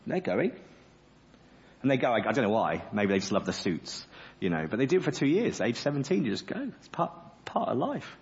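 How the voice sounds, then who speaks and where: A man's voice: medium pitch, sing-song, fast talker. A man preaching a sermon in church, earnest and passionate with humorous asides. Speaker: pastor. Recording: dull lo-fi sermon audio.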